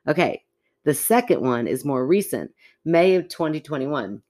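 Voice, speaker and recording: A woman co-hosting a podcast, reading a listener's story aloud in an animated, chatty way and breaking off to react. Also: low-pitched, normal speed. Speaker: podcast co-host.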